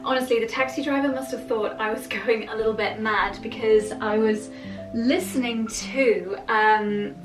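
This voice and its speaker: A woman's voice: on the high side, steady tone, unhurried, music in the background. A woman in her thirties chatting casually to camera in a vlog, gushing and enthusiastic about what she shows. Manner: gushing and chatty, coos at a dog. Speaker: vlogger. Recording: slightly distant mic with faint noise.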